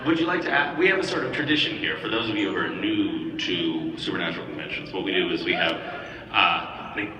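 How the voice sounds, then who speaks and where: A man in his forties joking and teasing fans at a live convention panel, with a deadpan delivery. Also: low-pitched, a little fast, background noise. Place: large convention hall with audience. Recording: roomy, distant fan recording with loud crowd.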